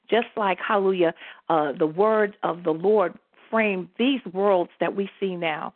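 A woman's voice: medium pitch, unhurried, no room sound. A woman apostle leading a prayer call, preaching fervently and peppering her talk with hallelujahs. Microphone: phone line. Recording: tinny dry phone line.

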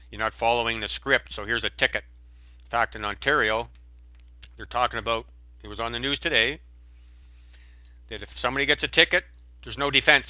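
A man giving a preachy, emphatic monologue as a guest on a call-in show, breaking into sudden loud outbursts. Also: mid-range voice, normal speed, pauses often, no echo. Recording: tinny phone line, dry.

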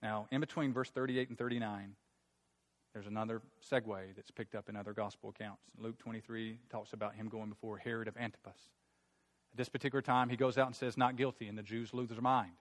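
A man preaching a sermon, retelling a Bible story in a conversational, animated way. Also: lowish voice, brisk.

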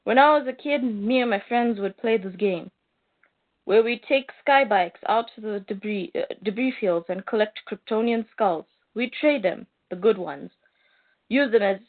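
Lady reading as crude mocking alien biker guy, tinny phone sound. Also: mid-range voice. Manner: mocking, boastful taunts. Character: brash, crude male alien bounty hunter.

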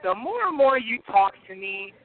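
A man's voice: high-pitched, sing-song, moderate pace. A man in heated, profane trash talk, boastful and laughing between insults. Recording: tinny phone-like line.

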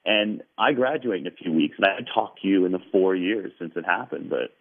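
Low-voiced male guest spinning a story, thin phone-line audio. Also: brisk, creaky, husky. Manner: animated, quoting others at length. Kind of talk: telling a story in a radio interview. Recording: tinny phone-line radio sound.

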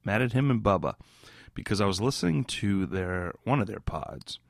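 A man's voice: on the low side, animated, normal speed, gravelly, dry recording, studio quality. A drunk man hosting a podcast, rambling and giggly, who keeps drifting into mock British slang. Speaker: podcast host. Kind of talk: casual rambling podcast chat.

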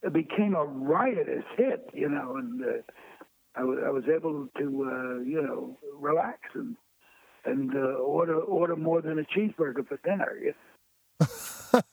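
A man's voice: fairly high pitch, moderate pace, creaky, husky, no echo. Older man on a phone line. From Brooklyn, New York. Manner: lively raconteur, acts out quoted voices, chuckles through stories. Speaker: guest. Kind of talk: anecdotal storytelling. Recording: tinny dry phone line.

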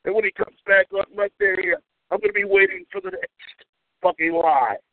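A gravelly, high-sitting male voice lurches through huge pitch swings at a moderate pace. He's hosting a call-in radio show and delivering a furious, foul-mouthed, mocking rant, heard without echo through tinny, phone-like audio.

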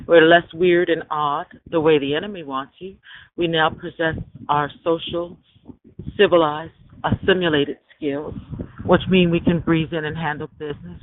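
A man hosting a call-in podcast, talking in an emphatic, preachy way and often asking "okay?". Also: fairly high pitch. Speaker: podcast host. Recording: tinny phone line with faint hiss.

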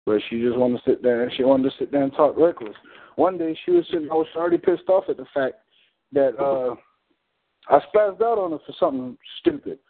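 A man's voice: medium pitch, wildly swooping pitch, a little fast, creaky. A man on a community call, telling a story in a blunt, heated, profane way. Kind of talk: casual storytelling. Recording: phone-like call audio.

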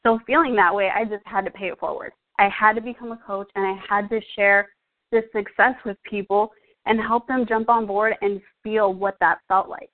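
A woman's voice: medium pitch, fairly even intonation, moderate pace. Earnest young woman on a tinny line. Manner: earnest, emotional, fillers like "like" and "um". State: out of breath. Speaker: fitness coach. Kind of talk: personal testimonial. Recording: tinny phone-like audio.

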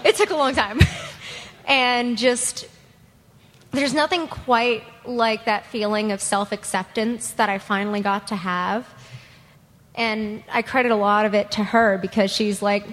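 A woman from a convention audience telling a personal story, candid, blunt and quick to giggle. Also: medium pitch, fairly even intonation, fairly bright tone. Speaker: audience member at a fan panel. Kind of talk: personal story told to a panel. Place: convention panel room. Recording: long hall reverb at a convention panel.

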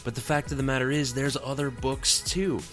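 Guy doing a jokey sponsor read, mid pitch, faint music under it. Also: steady tone, a little fast, a bit bright. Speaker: podcast host reading an ad. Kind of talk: casual ad read.

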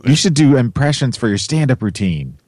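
A man's voice: mid-range voice, big pitch swings, a little fast, darkish tone, no room sound. A man hosting a podcast, chatting in a playful, teasing way and asking lots of questions. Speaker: podcast host. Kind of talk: casual comedic podcast chat.

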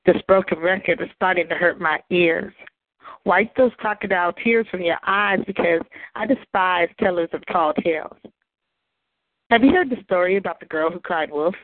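A woman performing a sharp, accusing spoken word piece. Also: fairly low pitch, normal speed, no echo. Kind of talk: performance poetry. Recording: tinny phone line.

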